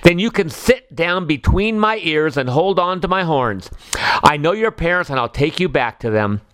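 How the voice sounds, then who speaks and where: A man voicing a friendly, helpful giraffe who talks in a brisk, reassuring way. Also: a little high, expressive, a bit bright, clean tone, dry recording, poor audio.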